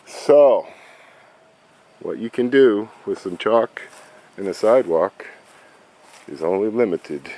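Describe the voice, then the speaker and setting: Dad narrator, low voice, animated storytelling that dips into hushed asides, recorded outdoors. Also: male voice, takes it slowly, pauses often. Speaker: father.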